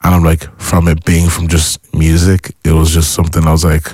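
A young man with a very deep, low voice tells stories in a relaxed interview. He gets excitable and acts out his own reactions along the way. The sound is dry and close, with no room around him. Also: brisk, breathy edge, no room sound. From Ireland. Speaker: musician guest. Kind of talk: casual interview chat.

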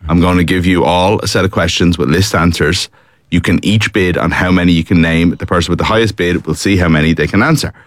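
A man with an Irish accent runs a studio quiz show, reading out introductions and rules with a wry, teasing edge. His voice sits very low, and the room around it is dry and close. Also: fast, no room sound. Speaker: quizmaster host. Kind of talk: radio quiz hosting.

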